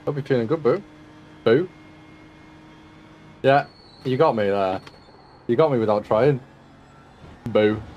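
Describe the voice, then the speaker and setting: A man's voice: mid-range voice, slow pace, long pauses, lo-fi sound, a little hiss or hum. A man streaming a sim racing session, tired and yawning, chatting casually and joking with viewers he greets by name. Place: at home.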